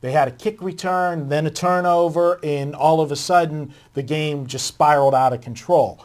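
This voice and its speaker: A man's voice: a little high, steady tone, normal speed, darkish tone. A man, a guest sports handicapper, talking through his reasoning at length in a conversational way. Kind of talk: sports betting debate.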